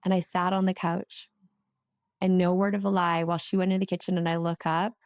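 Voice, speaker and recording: A woman guest telling a personal story in a casual podcast chat, animated and chatty, with plenty of "like" fillers. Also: lowish voice, fairly quick, no room sound, studio quality. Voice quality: emotional, tearful at moments. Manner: animated, chatty, lots of "like" fillers, laughs and swears while telling.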